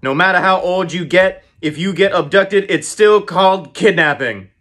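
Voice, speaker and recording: A man delivering dry, deadpan one-liner stand-up jokes, unhurried and pausing before each punchline. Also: high voice. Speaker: comedian.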